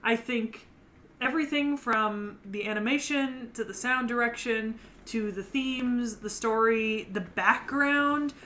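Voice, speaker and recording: A woman's voice: a little high, slow, sharp tone, slight background noise. A woman co-hosting a casual anime discussion, talking eagerly and groping for words mid-sentence. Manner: enthusiastic, searches for words. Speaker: podcast co-host. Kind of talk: casual chat.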